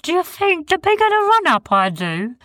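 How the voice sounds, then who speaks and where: A woman putting on a timid, high furry beast. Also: big pitch swings, moderate pace, a bit bright, no echo, studio quality, heavily acted. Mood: reluctant. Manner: cautious, reluctant, complaining. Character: big furry male creature, timid and fussy. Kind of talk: storybook character voice.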